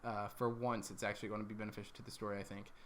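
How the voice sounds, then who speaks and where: A man's voice: on the low side, flat delivery, very fast, fairly bright tone, slight background noise. A man recapping his tabletop campaign as dungeon master, rambling along with lots of ums and corrections.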